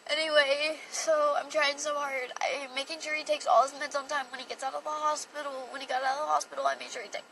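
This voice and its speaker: A young woman pours out a personal story on a phone livestream, rambling emotionally and using "like" heavily. Her high voice barely changes pitch and sounds gravelly and sharp, racing along with hardly any pauses. Faint background noise comes through, and she's distant from the mic.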